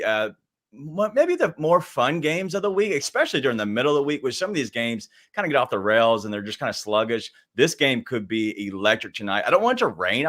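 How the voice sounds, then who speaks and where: A man co-hosting a sports betting show, amused and halting, with plenty of fillers. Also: medium pitch, a bit bright. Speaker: co-host.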